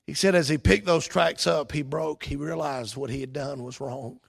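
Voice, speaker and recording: A man preaching a sermon as pastor, impassioned, his delivery rising to shouts. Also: on the high side, moderate pace, gravelly, slightly rough.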